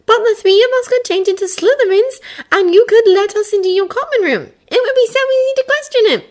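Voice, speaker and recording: A woman's voice: very high-pitched, expressive, a little fast, darkish tone, pitched above the performer's own voice. A woman voicing an earnest, bossy schoolgirl witch who explains and insists. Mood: eager. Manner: insistent, eager, lecturing. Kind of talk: fan audiobook character voice.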